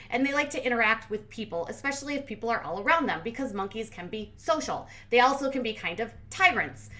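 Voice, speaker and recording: Host, female, slightly high voice; casual sarcastic recap commentary, blunt and chatty. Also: a bit bright. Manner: sarcastic, blunt, heavy use of "like".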